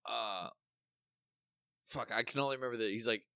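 A man's voice: medium pitch, normal speed, vocal fry, sharp tone, clear, resonant tone, dry recording, studio quality. A man co-hosting a podcast in casual chat, rambling through memories, swearing freely and losing his thread. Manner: rambling, swears often, trails off mid-thought. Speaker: podcast co-host.

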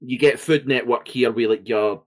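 A man with a Scottish accent, co-hosting a podcast in casual chat, animated and swearing freely. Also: mid-range voice, moderate pace. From Scotland. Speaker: podcast co-host.

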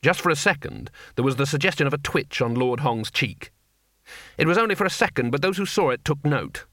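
Brief: male narrator, slow, bright and gravelly, dry sound. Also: fairly high pitch, animated, no room sound. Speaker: audiobook narrator. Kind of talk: scripted narration.

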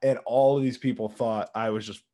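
A man's voice: mid-range voice, steady tone, a little fast, dark tone. A young man co-hosting a podcast, telling stories in a laid-back, casual way. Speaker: podcast co-host. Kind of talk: casual chat.

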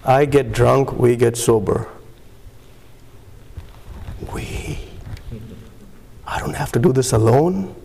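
A man shares his personal testimony at a recovery meeting. His voice is gravelly, and he stops often to search for words. His speech is full of fillers and pauses. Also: mid-range voice, mellow, slight background noise. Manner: halting, many fillers and pauses.

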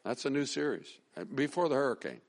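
A middle-aged man preaches from the pulpit in a relaxed, folksy way. His voice sits at an ordinary middle pitch for a man, and he stumbles, restarts and builds emphasis as he goes. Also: a little fast. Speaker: pastor. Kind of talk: sermon.

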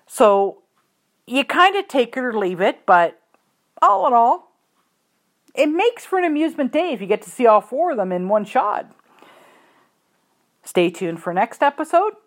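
Animated, blunt woman telling a story. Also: lowish voice. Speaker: horse owner and trainer. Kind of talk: casual storytelling monologue.

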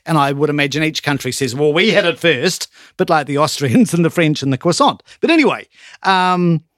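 A man's voice: on the high side, lively intonation, fairly quick, fairly bright tone, dry recording, studio quality. A New man chatting casually as a co-host, laughing often. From New Zealand. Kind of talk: casual chat.

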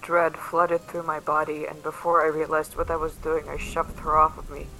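A man's voice: on the high side, normal speed, creaky, poor audio. Man narrating as a brooding guilty survivor. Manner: flat, brooding first-person narration. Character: guilt-ridden young narrator, desperate. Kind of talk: audio drama narration.

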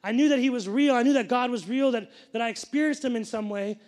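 A young male pastor delivers a sermon built around a personal story, with a fairly high voice. He talks in an animated way and keeps breaking off to address the congregation directly. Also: fast. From grew up Sikh, family from India.

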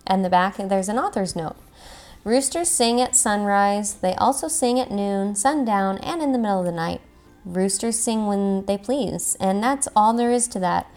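A young mother reading a children's story aloud, expressive and gentle, pausing to chat with her child. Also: medium pitch, faint music behind. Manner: gentle, expressive, chatting with the child between pages.

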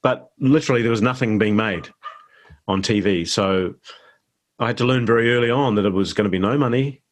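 A middle-aged man with a New Zealand accent, chatting as a guest actor in an interview, relaxed and self-deprecating. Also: lowish voice, a little fast. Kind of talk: casual interview chat.

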